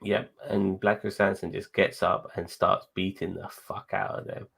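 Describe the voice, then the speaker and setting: A man's voice: sits low, level tone, moderate pace, creaky, a bit bright, breathy edge. A man co-hosting a show, chatting casually in a rambling way, with lots of swearing and laughter. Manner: profane, rambling, laughs while talking. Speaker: podcast co-host. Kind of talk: casual chat.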